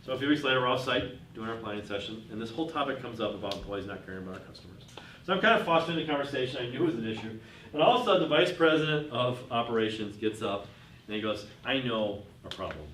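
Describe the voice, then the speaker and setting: A man tells business stories at a workshop and keeps asking his listeners questions. He speaks at a middle pitch. He sounds set back from the mic in a roomy hall with a faint hum behind him. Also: lively intonation, very fast, fairly bright tone, distant mic. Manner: tells anecdotes and asks the audience questions. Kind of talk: workshop talk with told stories. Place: room with a live audience.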